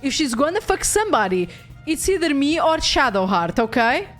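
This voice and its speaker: A high-pitched young woman talks through her gameplay stream in a loose, rambling chat. She gets excitable and curses freely. Faint music plays underneath. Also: normal speed. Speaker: VTuber streamer.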